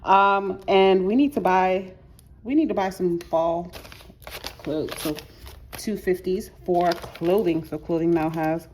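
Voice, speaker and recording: A woman's voice: fairly low pitch, slow, darkish tone, slight background noise. A woman chatting casually through her budget at home, a bit wheezy, peppering her talk with "like" and restarting sentences. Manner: chatty, frequent filler "like", self-correcting restarts. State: slightly wheezy. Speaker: budgeting vlogger.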